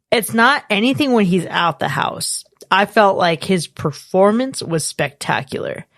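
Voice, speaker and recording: A woman's voice: medium pitch, no echo, clean studio sound. A woman co-hosting a movie review podcast, talking animatedly and swearing freely in casual chat. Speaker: podcast co-host.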